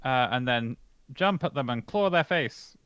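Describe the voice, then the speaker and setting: A man playing a tabletop game, unhurried and hesitant. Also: mid-range voice, lively intonation, fairly bright tone, smooth, no echo. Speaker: player. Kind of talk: casual tabletop play.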